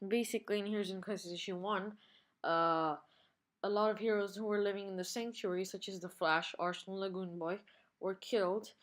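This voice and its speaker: A woman narrating a comic book recap for her channel. She reads it aloud plainly, with a few fillers along the way. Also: mid-range voice.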